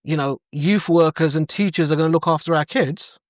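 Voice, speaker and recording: Animated middle-aged man, high voice. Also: fairly quick, no echo, studio quality. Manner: animated storyteller acting out quoted dialogue. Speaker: coach, podcast guest. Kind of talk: conversational interview storytelling.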